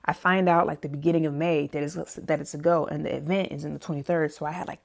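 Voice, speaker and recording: A woman in her thirties, a personal chef, casually telling a story to her viewers, animated and laughing often. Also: fast talker, vocal fry. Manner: animated, laughs often, acts out other people's lines in a higher voice. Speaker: plant-based personal chef and vlog host.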